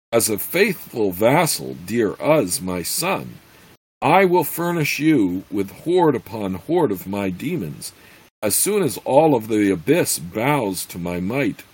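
A man voicing a huge scheming demon lord who talks down to his son, slow and imperious. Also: on the low side, very animated, a little mellow, husky, heavily acted, rough recording. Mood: commanding.

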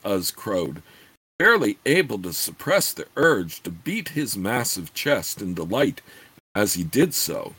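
Man, audiobook fantasy narration, low pitch, husky voice, lively expressive reading. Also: measured pace.

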